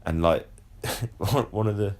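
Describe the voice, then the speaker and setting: A man with a very low, deep voice hosts a relaxed podcast conversation. He explains things at length in a casual way, stumbling over repeated words as he gets going. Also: measured pace. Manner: chatty, swearing, repeats words when explaining. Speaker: podcast host.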